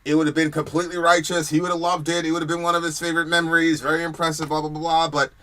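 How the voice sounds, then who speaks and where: A man from New York telling a story in casual chat, animated, acting out what people shouted. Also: fairly high pitch, very fast. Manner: animated storyteller, shouts quoted lines, swears. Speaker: co-host.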